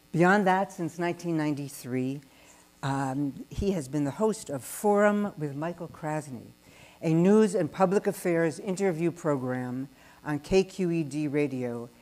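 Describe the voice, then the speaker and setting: A woman hosting the event, reading a formal, measured introduction of the speakers in a large synagogue hall. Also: low-pitched, darkish tone.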